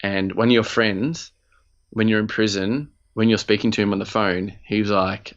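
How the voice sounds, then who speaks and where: Aussie guy chatting on a podcast, lowish voice, rambly and sweary, kinda dull lo-fi sound. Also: steady tone, moderate pace. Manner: rambling and loose, casual swearing, lots of fillers. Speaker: podcast co-host. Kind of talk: casual chat.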